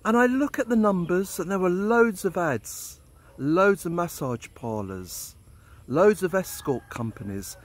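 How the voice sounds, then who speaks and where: Here a middle-aged expat vlogger speaks in a high-pitched, expressive voice at a slightly slow pace. Candid and blunt, he swears freely while recounting a personal story as a monologue.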